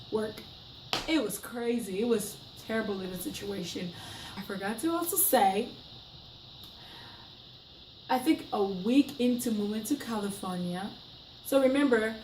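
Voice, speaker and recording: Young woman vlogger, higher voice, emphatic storyteller; roomy room, mic set back. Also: a bit bright, distant mic, a little hiss or hum. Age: young adult. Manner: chatty, emphatic, dramatic retelling. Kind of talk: casual storytime monologue.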